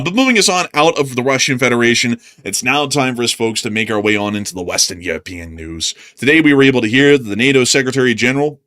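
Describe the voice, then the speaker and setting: A man's voice: medium pitch, a bit bright. A man hosting a casual live news talk show, laid-back and full of fillers. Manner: laid-back, laughs often, says "like" and "uh".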